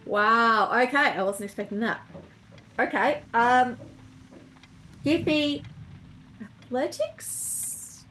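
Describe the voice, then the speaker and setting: A woman running a tabletop game as game master, narrating with lively reactions and laughter. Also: a little high, slow pace, pauses often, slight background noise.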